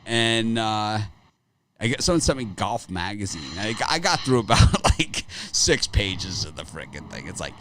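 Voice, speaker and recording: A man's voice: on the low side, big pitch swings, moderate pace, fairly bright tone, a little hiss or hum. A middle-aged man hosting a sports betting show, talking casually in a rambling way and laughing often. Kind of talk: casual chat.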